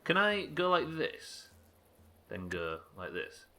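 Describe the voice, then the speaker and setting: A young man streaming a building game live, commenting as he plays and bantering with viewers in an animated, sweary, self-mocking way. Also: on the high side, slow, a little hiss or hum.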